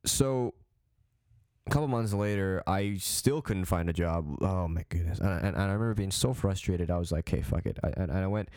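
A man's voice: sits low, a little fast, darkish tone, no room sound, clean studio sound. A young man in his late teens from Canada, hosting a podcast and telling a story in a casual, rambling way, with frequent swearing, restarts and fillers. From Calgary, Canada. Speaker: podcast host.

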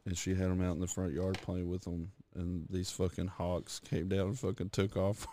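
A man's voice: low voice, little pitch movement, moderate pace, warm tone, slight background noise. A man co-hosting a podcast, chatting in a laid-back way with joking and swearing. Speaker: podcast co-host. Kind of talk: casual chat.

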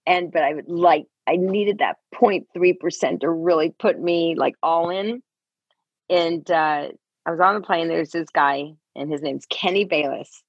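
Guest: middle-aged woman, low husky voice, lively storyteller, muffled earbud call. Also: measured pace, no room sound. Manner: animated, acts out quoted voices. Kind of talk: casual interview storytelling.

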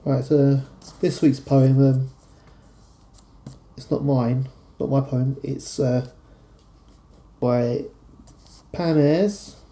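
A man with a London accent hosting a podcast, chatting in a relaxed, rambling way between readings. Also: mid-range voice, extremely slow, pauses often. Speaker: podcast host. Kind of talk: casual podcast chat and poem reading. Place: studio.

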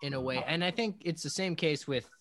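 A man's voice: on the high side, fairly quick, a little hiss or hum. Jokey, casual man chatting. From Boston area. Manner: jokey, animated, does funny voices. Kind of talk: casual chat.

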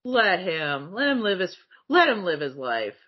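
A woman chatting casually and excitedly about a cartoon series, laughing often and swearing freely. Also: fairly low pitch, unhurried, slight background noise. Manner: giggly, animated, swearing freely. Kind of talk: casual fan chat. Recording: dull lo-fi sound.

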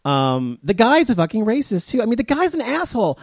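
A man's voice: sits high, wildly swooping pitch, fairly quick, no room sound, clean studio sound. A man co-hosting a casual chat show, ranting with heavy swearing and real anger. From Texas, US. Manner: heated, swears a lot, rants. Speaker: podcast co-host.

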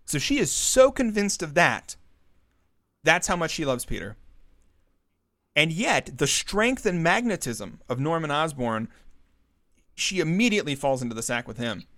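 Casual podcast co-host, male, animated storyteller who laughs a lot and jumps up in pitch for quoted lines. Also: measured pace, long pauses. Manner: animated, laughs often, acts out characters' lines in a raised voice. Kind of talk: casual chat recapping a comic story.

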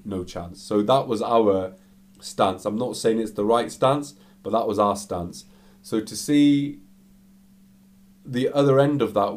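A man casually telling a story, animated and full of fillers. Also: lowish voice.

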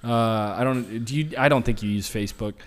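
A man's voice: medium pitch, quick pace. A young man hosting a podcast, chatting casually with restarts and disbelieving asides. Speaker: podcast host.

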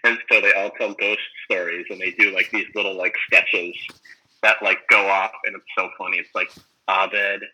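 A man chatting casually, rambling and animated as he retells funny scenes, full of "like" and "um". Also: sits low, normal speed, poor audio. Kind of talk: casual chat about a sitcom.

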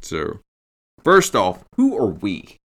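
A man's voice: lowish voice, huge pitch swings, takes it slowly, fairly bright tone. A man hosting a podcast, telling a true-crime story in a casual, profane way. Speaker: podcast host.

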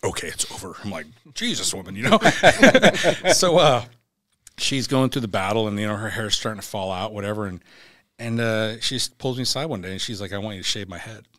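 Homem de voz grave contando uma história crua, gravação seca. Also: male voice, fairly low pitch, lively intonation, fairly bright tone, dry recording. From United States. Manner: raw, blunt, swears, halting restarts. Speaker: podcast guest. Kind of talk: emotional personal storytelling.

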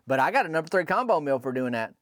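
A man's voice: fairly high pitch, big pitch swings, fast, no echo, clean studio sound. A man telling a folksy comic story in a rambling, colloquial way, full of asides. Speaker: podcast storyteller.

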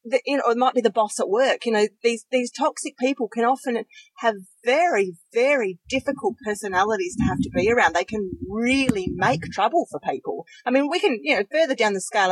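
A middle-aged woman co-hosting a conversational podcast, frank and lively in her talk. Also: mid-range voice, breathy edge, dry recording, poor audio. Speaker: podcast co-host.

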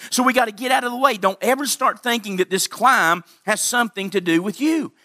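A man's voice: high-pitched, fairly quick, pushed and bright, no room sound, clean studio sound. A man preaching a sermon as pastor, talking straight to his congregation and punching his key lines. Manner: direct, speaks to the congregation.

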